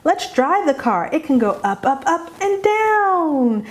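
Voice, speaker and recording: A woman's voice: sits high, big pitch swings, slow, voice pushed up, exaggerated voice. A woman voicing a mother who plays with her toddler in an exaggerated, sing-song way, drawing out her words. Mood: playful.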